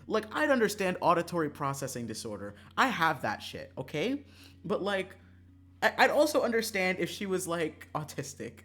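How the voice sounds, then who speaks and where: A game streamer chatting while playing a visual novel, swinging between loud rants and quiet mumbles, swearing freely and laughing often. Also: mid-range voice, big pitch swings, normal speed.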